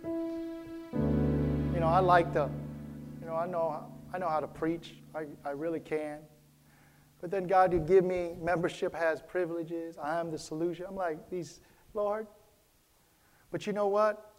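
A man's voice: on the high side, steady tone, a little slow, long pauses, soft background music. A man preaching a sermon as pastor of a church, repeating his key phrases and calling out to the congregation for a response. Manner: repetitive, preacherly, calls for response.

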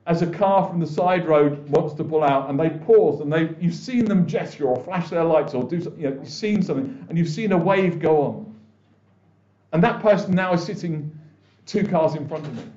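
A man's voice: a little high, darkish tone. A man preaching a conversational sermon as pastor, often restarting and acting out what people say. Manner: conversational, with many restarts and quoted voices. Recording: echoey, dull church recording.

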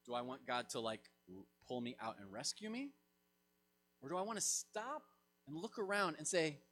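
Male pastor, fairly high and bright, animated sermon delivery, faint hum under the voice. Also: moderate pace, pauses often. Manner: animated, swings between loud emphatic lines and soft low asides.

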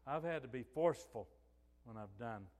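A man's voice: medium pitch, lively intonation, normal speed, a little mellow, big-room sound. A man preaching a sermon as a pastor, telling stories and acting out the quoted dialogue. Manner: storytelling, acts out quoted dialogue.

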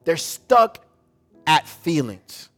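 A male pastor delivering a sermon in a church service, with a high voice. He tells a story, then builds to loud, urgent calls to the congregation. Faint music plays in the background. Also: sing-song, drawn-out words.

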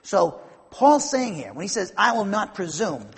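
Male preacher, high husky voice, rambling Bible teaching that builds to fervor. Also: very animated, moderate pace, big-room sound. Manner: rambling, repeats and restarts, builds to emphatic fervor. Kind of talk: conversational Bible-teaching sermon.

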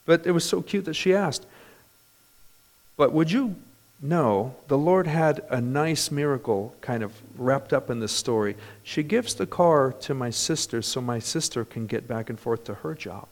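A male pastor preaching a sermon in a church, animated, with bursts of loud emphasis. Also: medium pitch, unhurried.

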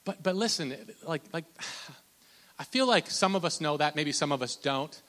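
A man, likely in his thirties, preaching a conversational sermon with lots of restarts and fillers, loud on his points and slow on scripture. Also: fairly high pitch, in a large hall. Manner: animated, pushes loud on emphasis, drawn-out slow scripture quotes. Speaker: pastor.

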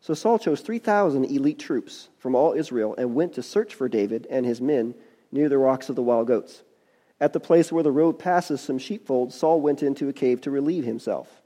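A man's voice: medium pitch, lively intonation, normal speed, warm tone. A man preaching a sermon, reading scripture and adding folksy, conversational asides.

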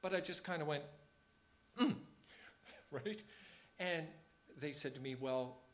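A man's voice: fairly high pitch, a little slow, a bit bright. A man leading a small church service, talking informally and earnestly and repeating phrases for emphasis. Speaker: church leader.

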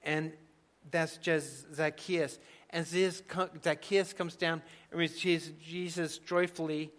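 Male pastor, slightly high, bright tone, emphatic conversational sermon delivery. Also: little pitch movement, slow. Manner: emphatic, conversational preaching with sudden soft drops.

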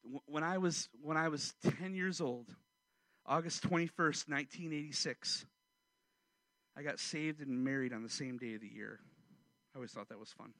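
A man in his forties, a pastor, preaching a sermon and telling a personal story, swinging from loud outbursts to hushed, quiet passages. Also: on the high side, normal speed, no room sound.

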